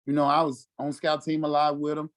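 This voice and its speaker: A former football player from Mississippi, telling stories casually and acting out quotes with lots of "you know what I'm saying". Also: male voice, fairly high pitch, completely flat delivery, brisk. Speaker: former NFL fullback, podcast guest. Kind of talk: casual storytelling interview.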